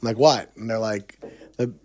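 A middle-aged man, a songwriter and agent, telling a story in casual conversation, animated and quoting others with lots of fillers. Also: lowish voice, normal speed.

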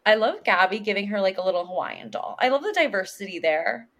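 A woman's voice: mid-range voice, expressive, a bit bright. Chatty woman podcast co-host. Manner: chatty, acts out character lines in quick impressions. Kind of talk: casual recap chat.

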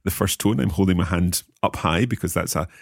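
A man with a very low, gravelly voice talks in an unhurried, swooping way, as if chatting through a language lesson. He asks curious questions and repeats phrases slowly with the odd chuckle. The sound is close and dry, with no room around him. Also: no echo. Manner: curious, chuckling, slow careful repetition. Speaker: podcast co-host learning Mandarin. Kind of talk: casual language-lesson chat.

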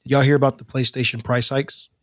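A man's voice: medium pitch, fast, no echo. Chatty podcast man, mid voice, dry sound. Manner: animated, restarts and rambles, laughs often. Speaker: podcast co-host. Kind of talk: casual chat.

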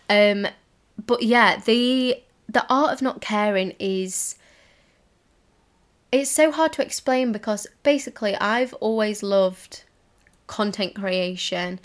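A young woman hosting a casual solo podcast from home, talking in a rambling, giggly way with lots of fillers. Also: mid-range voice. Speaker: podcast host. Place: home, indoors, in a cozy room.

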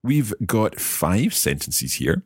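A man's voice: on the low side, sing-song, slow pace, slightly rough, dry recording, studio quality. A British man hosting a podcast language lesson, guiding learners patiently with wry puns. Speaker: language course host.

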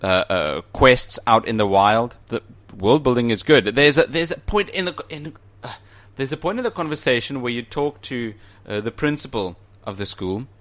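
A man's voice: mid-range voice, animated, moderate pace, fairly bright tone. A man co-hosting a casual podcast, enthusiastic, often restarting his sentences. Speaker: podcast co-host. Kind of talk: casual chat.

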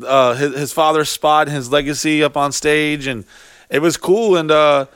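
A man and touring artist telling backstage stories in casual chat, profane and animated, putting on high mocking voices when he quotes people. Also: normal speed, smooth, no echo, studio quality. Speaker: touring artist, podcast co-host.

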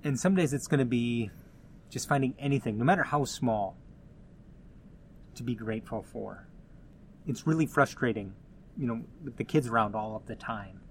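A man talks through his solo podcast in a loose, conversational way. He rambles, restarts his sentences and drops in asides as he goes, at a middle pitch for a man. A faint hum sits under his voice. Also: normal speed, long pauses. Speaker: podcast host. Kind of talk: casual solo podcast talk.

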